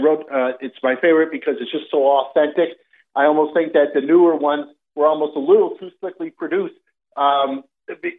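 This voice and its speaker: A male caller on a tinny phone line, with a slightly high voice. He talks hesitantly, stopping often for fillers as he lays out his point.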